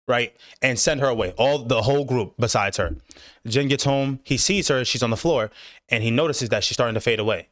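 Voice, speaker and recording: A man's voice: mid-range voice, a bit bright, no echo, studio quality. A man hosting an anime discussion, retelling the plot at length in a loose, profane way full of "like" and "bro.". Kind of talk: casual chat.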